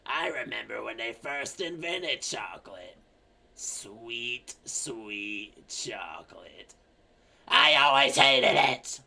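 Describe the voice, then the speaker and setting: A man's voice: medium pitch, animated, vocal fry, voice pushed down, heavily acted. A man doing a cranky deaf old lady. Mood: cranky shouting. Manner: slow, shouting, hard of hearing.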